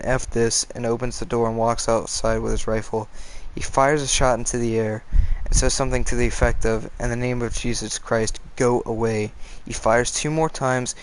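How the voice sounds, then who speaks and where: A man telling a scary story in a casual, chatty way, swapping in softened swear words and going off on tangents. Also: mid-range voice, slight background noise, low-quality recording. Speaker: storyteller reading scary stories.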